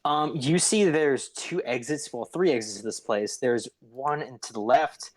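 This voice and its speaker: A man runs a tabletop game over voice chat, describing the scene in a loose, halting way. He stops and restarts often and fills the gaps with ums. The sound is dry and close, with no room behind it. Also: mid-range voice, dry recording. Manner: casual, halting, many fillers and restarts. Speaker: game master.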